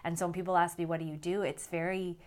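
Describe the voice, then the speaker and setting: A woman in her thirties with a North American accent, chatting casually to the camera, animated and laughing often. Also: fairly low pitch, quick pace. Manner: animated, laughs often, exaggerated quoted voices. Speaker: vlogger.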